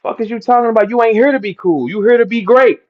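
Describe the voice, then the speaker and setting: A middle-aged man with a St. rants and lectures, his voice pitched high and his manner preachy and profane. He speaks in a fiery sermon-like flow aimed at his listeners. The sound is dull and lo-fi, like a muffled stream. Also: fast. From St. Louis, Midwest US. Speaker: battle rapper ranting to listeners. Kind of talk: heated livestream rant.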